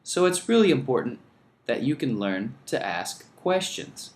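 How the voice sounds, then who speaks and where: A man teaching an English lesson, speaking slowly and deliberately and modelling phrases for learners to repeat. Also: mid-range voice, big pitch swings, echoey room, a little hiss or hum. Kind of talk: scripted lesson narration.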